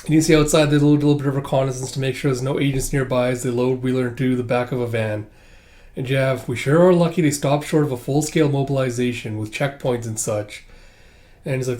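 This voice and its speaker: A man casually reading through a manga chapter, narrating and acting out lines, laughing often and breaking into high squealing voices for characters. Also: darkish tone. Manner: reads dialogue aloud, jumps into high squealing voices for characters; chatty, laughs often, fills with "it's like". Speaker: manga reader and commentator.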